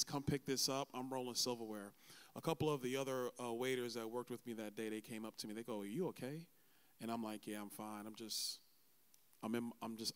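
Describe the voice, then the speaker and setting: A man's voice: mid-range voice, clear, resonant tone. A man in his forties hosting a church event, telling his personal testimony in a conversational way and acting out the voices of people he quotes. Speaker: event host and interviewer.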